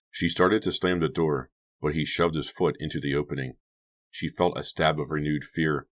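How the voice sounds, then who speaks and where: Male horror-audiobook narrator, extremely low voice, measured delivery. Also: fairly even intonation, a bit bright. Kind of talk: scripted narration.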